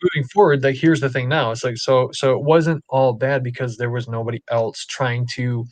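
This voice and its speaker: Casual male storyteller, mid pitch, dry close mic, chatty and rambling. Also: normal speed, no room sound. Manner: rambling, animated storyteller with many fillers. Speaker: podcast guest dad. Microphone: live stream call.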